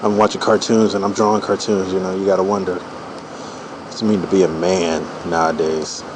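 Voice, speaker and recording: Guy in his 40s rambling and cussing while he draws, lowish voice, faint hum behind. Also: flat delivery, moderate pace. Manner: loose, profane, full of "you know" fillers. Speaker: streamer drawing cartoons. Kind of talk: rambling comedic monologue while drawing.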